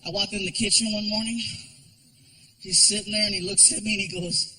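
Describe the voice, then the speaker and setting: Brief: male stand-up comic, very high voice, bright and forceful, animated storytelling on stage. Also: brisk, rough recording. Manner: animated, acts out characters with voices. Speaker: stand-up comedian. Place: theater stage before a live audience.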